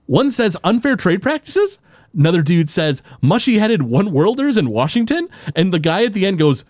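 A man co-hosting a podcast, recapping a TV episode in an animated, storytelling way with frequent fillers and restarts. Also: high voice, moderate pace, no echo, studio quality. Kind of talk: casual chat recapping a TV episode.

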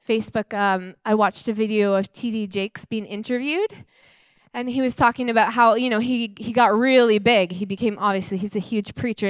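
A woman's voice: medium pitch, smooth, no echo. A young adult woman giving a heartfelt sermon, telling stories in a conversational way with many fillers. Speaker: preacher. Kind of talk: sermon with storytelling.

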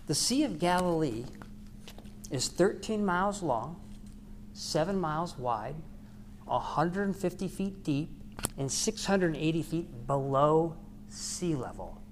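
Earnest low-voiced woman preaching. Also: lively intonation, unhurried, a little hiss or hum. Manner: earnest, preaching with repeated phrases. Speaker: podcast host. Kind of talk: devotional talk.

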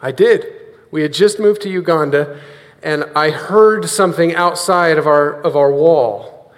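High-pitched guy preaching a sermon, getting the crowd to say lines back, big echoey church. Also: measured pace. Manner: earnest, leads the congregation in repeating lines.

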